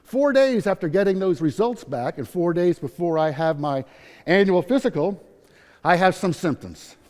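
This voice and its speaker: A man's voice: fairly high pitch, darkish tone. A man in his sixties gives a personal story talk at a conference, upbeat and humorous, acting out quotes. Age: 60s. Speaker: patient speaker at a nursing conference. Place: conference hall. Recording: long hall reverb.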